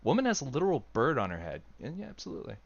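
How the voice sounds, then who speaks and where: A man's voice: medium pitch, wildly swooping pitch, racing, vocal fry, husky, highs cut off. A man streaming a game in casual, jokey, self-mocking commentary.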